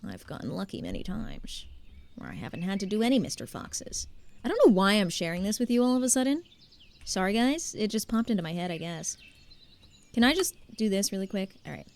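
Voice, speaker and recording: Young woman, streamer, chatty gameplay talk, lively swinging pitch. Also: a little fast, gravelly. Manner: chatty and animated, talks to chat. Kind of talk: casual gameplay commentary.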